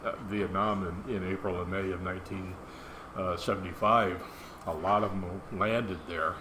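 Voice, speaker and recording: Older male study leader, low-voiced, folksy and rambling, recorded in a noisy room. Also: steady tone, moderate pace. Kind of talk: casual group Bible study talk.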